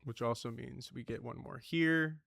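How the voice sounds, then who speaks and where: A man's voice: mid-range voice, normal speed, creaky, fairly bright tone, dry recording. A man giving casual let's-play commentary, chatty and swearing, talking to the items he sorts. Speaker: gaming streamer.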